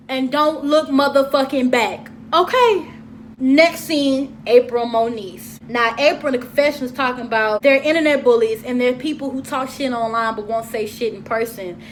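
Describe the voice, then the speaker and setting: A woman's voice: high-pitched, moderate pace, a little hiss or hum. A young adult woman giving a casual, profane and sassy review of a reality TV episode. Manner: profane, animated, sassy commentary. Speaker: TV show reviewer. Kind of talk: casual solo review vlog.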